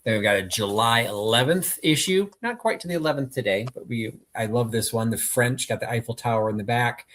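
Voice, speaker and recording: A man's voice: medium pitch, a little fast, few pauses, a bit bright. A man co-hosting a live-streamed sale, presenting his items in a casual, wry, self-deprecating way. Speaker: live sale co-host seller. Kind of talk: live-stream auction patter.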